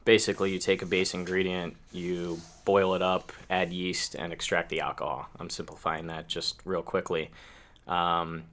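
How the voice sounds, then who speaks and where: A man's voice: low-pitched, flat delivery, normal speed, a bit bright. A man, a company co-founder, answering interview questions casually and unhurriedly, with many fillers.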